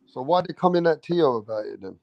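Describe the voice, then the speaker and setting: Man, interviewer, relaxed conversational tone, dry room, dull lo-fi audio. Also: a little high, fairly quick, gravelly, no echo. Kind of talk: casual interview talk.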